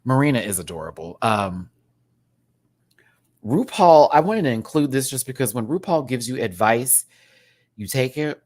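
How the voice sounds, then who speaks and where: A man reviews a show in a sassy, rant-style way. He laughs often, swings his voice up and down, and slips into mock voices. He sits at a mid-range pitch for a man. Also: sing-song, normal speed, pauses often, a little mellow.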